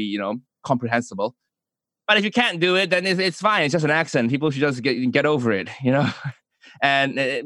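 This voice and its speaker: A man from Malaysia talks through his answers in a relaxed interview, full of small restarts and fillers. His voice sits at an ordinary middle pitch, recorded dry and close with no room sound. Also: no room sound. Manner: hesitant, many restarts and fillers. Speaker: comedian and YouTuber guest.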